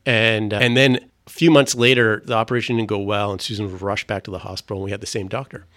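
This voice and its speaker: A man's voice: on the low side, little pitch movement, fairly bright tone, dry recording, studio quality. A middle-aged man, earnestly telling his faith testimony in a conversation, often restarting his sentences. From Canada. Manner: earnest, halting, with frequent restarts. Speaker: guest sharing a faith testimony.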